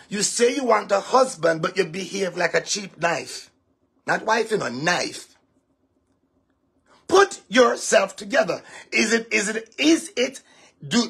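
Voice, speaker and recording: Raspy, high-voiced gravelly man preaching. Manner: lecturing, emphatic, at times shouting. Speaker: pastor. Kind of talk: preaching talk to a congregation.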